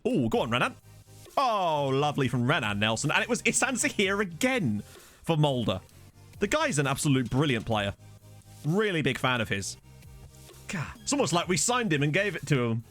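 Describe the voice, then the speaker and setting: Young guy talking over a football sim, bouncy up and down pitch, bit of game music behind. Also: big pitch swings, moderate pace, fairly bright tone. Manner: chatty, jokey, reacting to the match. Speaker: gaming channel host. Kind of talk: casual let's-play commentary. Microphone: desktop studio mic.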